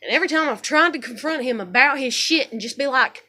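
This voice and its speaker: A woman in her thirties vents in a raw, rambling monologue, swearing often. Her voice sits high and sounds bright and sharp. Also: lively intonation, quick pace, few pauses. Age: 30s. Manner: profane, rambling, frustrated. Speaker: vlogger. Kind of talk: emotional venting monologue.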